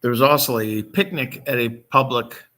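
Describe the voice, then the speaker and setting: A middle-aged man from Michigan, a grieving father hosting a vlog, talks off the cuff with many pauses and ums, his voice catching as he nears tears. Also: mid-range voice, sharp tone. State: emotional, near tears. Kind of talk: unscripted casual talk to camera.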